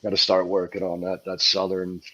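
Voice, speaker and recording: A man's voice: deep voice, completely flat delivery, fairly quick, bright, forceful tone, no room sound, highs cut off. Profane guy with a New York accent. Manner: profane, rambling, laughs often. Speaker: band member guest. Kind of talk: casual crude podcast banter.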